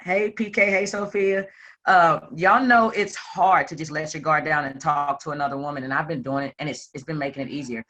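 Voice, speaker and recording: A self-employed woman telling a group her personal story with animated, playful delivery and acted-out quotes. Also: sits low, brisk. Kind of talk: candid personal testimony to a group.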